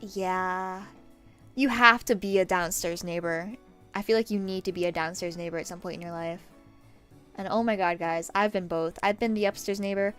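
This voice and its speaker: A sick young woman streaming from her desk at home, rambling casually and swearing, with sudden loud yelps. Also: medium pitch, smooth. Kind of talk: casual chat while painting nails.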